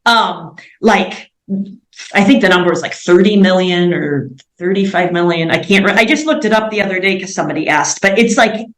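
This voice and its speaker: A woman's voice: lowish voice, normal speed, reverberant, poor audio. A woman in her forties from the United States, a missionary guest speaking earnestly in an interview, often filling gaps with "like" and "um". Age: 40s. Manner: earnest, many fillers like "like" and "um". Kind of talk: interview conversation.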